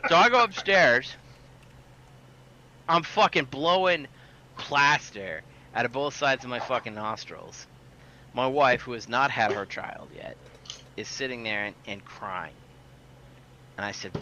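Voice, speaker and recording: Brief: sharp-voiced male podcast host, profane storyteller, faint hiss behind. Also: mid-range voice, unhurried, pauses often, highs cut off. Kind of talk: casual podcast chat.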